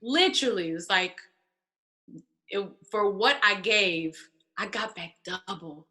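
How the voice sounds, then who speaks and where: A woman in her thirties tells her candid story as an interview guest at a measured pace, her medium-pitched voice expressive, pushed, and bright. She animates the telling by performing the voices of other people.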